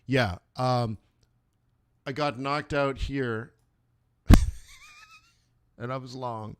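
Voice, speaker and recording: A man's voice: medium pitch, fairly even intonation, drawn-out words, very noisy. Casual, rambling male trading host. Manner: rambling, joking, many fillers. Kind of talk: casual live trading commentary.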